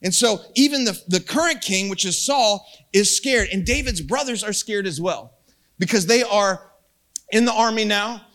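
A man with a high, bright voice preaching in a casual, storytelling way. He jokes with the crowd and jumps into quoted lines with a lift in pitch. The delivery is lively and conversational rather than formal. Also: moderate pace. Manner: animated, jokey, acts out quotes with rising pitch. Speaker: pastor.

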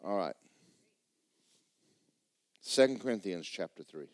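A man preaching a sermon, telling stories in an animated, repetitive way. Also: deep voice, slow pace, no room sound.

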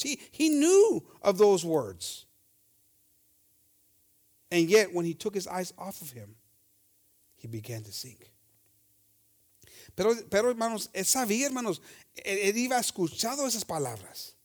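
Man, pastor, high voice, bilingual sermon, slow scripture reading, trailing off quietly. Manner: voice drops low and quiet at line ends.

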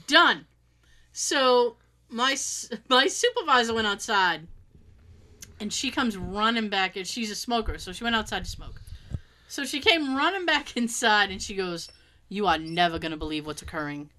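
A woman's voice: fairly high pitch, lively intonation, moderate pace, bright, forceful tone. A woman casually telling a story and acting out the quotes, swearing freely.

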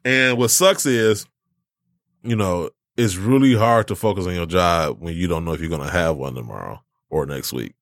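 A man's voice: sits low, normal speed, a bit bright, no room sound, clean studio sound. A man hosting a sneaker podcast in laid-back, slangy casual chat. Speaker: podcast host.

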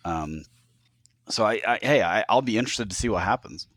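A man's voice: fairly low pitch, expressive, a little fast, fairly bright tone, no room sound. A man co-hosting a casual podcast, talking in a rambling way with many restarts. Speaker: podcast co-host.

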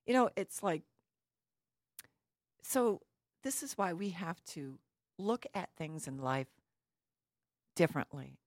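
A woman's voice: sits low, no room sound, clean studio sound. A woman giving an earnest, reflective talk, telling a personal story and asking the listener questions.

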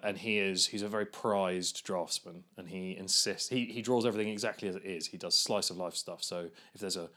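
A man co-hosting a podcast, recommending films and series in a measured, articulate casual chat. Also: sits low, fairly even intonation, pushed and bright. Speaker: podcast co-host.

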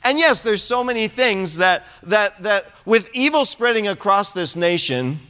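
A man from California preaching a sermon in a church, animated and humorous, often restarting his sentences. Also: sits high, unhurried, clean tone. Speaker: pastor. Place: church sanctuary.

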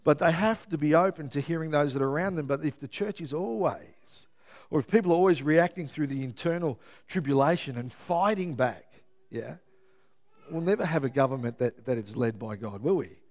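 A man preaching a sermon as pastor, lively and often checking in with his listeners. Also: on the high side, fairly quick. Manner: lively, keeps checking in with the congregation.

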